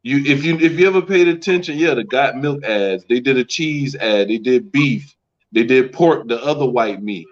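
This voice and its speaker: A man speaks casually on a podcast, pausing on ums and then rattling off examples quickly. His voice sits in the middle range for a man. The recording sounds dull and lo-fi. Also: mid-range voice, expressive. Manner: rapid listing, hesitant with many ums. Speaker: podcast co-host. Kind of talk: casual chat.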